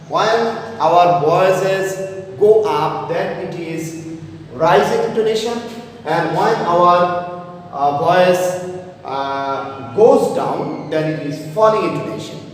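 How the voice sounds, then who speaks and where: A man teaching a class on stress and intonation, hesitant, with many fillers and repeated words. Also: high voice. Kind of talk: explaining to young students. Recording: echoey room, voice far from the mic, faint noise.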